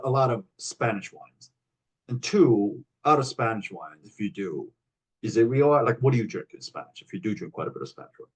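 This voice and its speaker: A man's voice: mid-range voice, expressive, brisk, husky, poor audio. A man hosting a wine club tasting on a video call, talking casually with many fillers and restarts.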